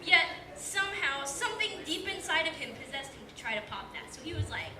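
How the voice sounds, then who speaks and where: Her voice is high-pitched, expressive and a little fast. At a small comedy club's open mic, in front of a live audience, the eighteen-year-old tells a rambling, self-deprecating story dotted with fillers, and the recording is distant and echoey with background noise.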